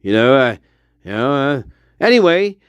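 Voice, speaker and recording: A man's voice: medium pitch, sing-song, moderate pace, clean tone, dry recording, muffled recording, voice pushed down, lightly acted. A man mockingly impersonating a self-absorbed, petulant young woman.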